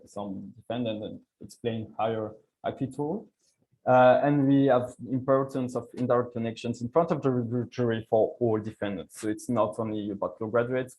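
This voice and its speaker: A man's voice: medium pitch, darkish tone, rough recording. Man presenting research findings. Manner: summarizing findings, with frequent self-corrections. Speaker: economics paper presenter. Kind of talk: academic conference presentation.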